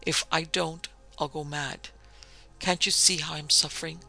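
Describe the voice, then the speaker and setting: A man reading aloud, voicing a frightened young woman who pleads in a hushed, half-whispered way. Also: on the high side, level tone, unhurried, creaky, soft background music, full character voice. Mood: terrified.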